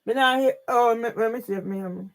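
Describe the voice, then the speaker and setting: A woman with a Jamaican accent ranting on a live stream, emphatic, often shouting and swearing, with frequent questioning tags. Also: fairly high pitch, quick pace. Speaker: YouTube livestreamer.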